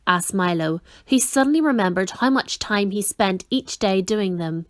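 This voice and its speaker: A woman reading a children's novel aloud in an expressive storytelling manner. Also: mid-range voice, moderate pace, hardly any pauses, no echo, studio quality. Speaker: reader.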